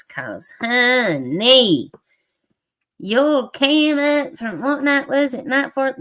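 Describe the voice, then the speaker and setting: A woman's voice: on the high side, a bit bright. Blunt Southern woman ranting. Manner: blunt, profane, dialect-heavy ranting. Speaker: livestream co-host. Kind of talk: casual livestream chat.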